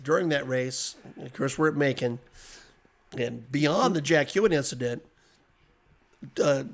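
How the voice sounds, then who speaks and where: A man on a podcast as guest, telling casual anecdotes with animated delivery and frequent chuckles. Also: mid-range voice, a little slow. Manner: animated storyteller, chuckles often.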